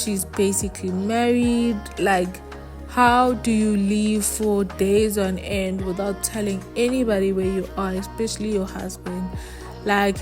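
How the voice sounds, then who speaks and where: A young woman, recapping and reviewing a TV series in an animated, chatty way. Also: mid-range voice. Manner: animated, paraphrases characters in quotes.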